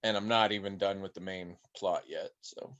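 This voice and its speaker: A man's voice: low-pitched, normal speed, highs cut off. A man co-hosting a podcast, chatting casually and telling rambling stories with voices thrown in. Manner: rambling animated storytelling with mimicked voices. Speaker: podcast co-host.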